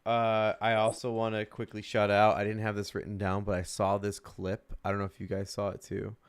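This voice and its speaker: A man with a low, smooth, resonant voice co-hosts a casual sports podcast. He talks loosely and swears freely, and the sound is dry and close. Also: completely flat delivery, brisk, dry recording. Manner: loose, profane, laughs often. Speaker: podcast co-host.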